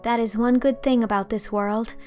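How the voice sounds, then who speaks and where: A woman voicing an imaginative young woman in her own audiobook, speaking in an eager, lively way. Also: fairly high pitch, moderate pace, faint music behind, close to an everyday voice.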